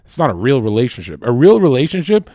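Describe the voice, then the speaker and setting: A man ranting in a profane, loud debate-stream style, acting out voices as he tells stories. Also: medium pitch, very animated, fast, no echo, clean studio sound. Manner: profane, loud, acts out voices mid-story. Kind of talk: heated rant in a debate stream.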